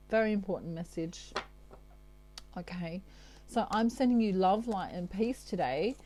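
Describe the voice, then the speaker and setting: An Australian woman giving a chatty tarot reading, often pausing on "okay" between messages. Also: mid-range voice, dark tone, slight background noise. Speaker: tarot reader. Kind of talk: channeled tarot reading monologue.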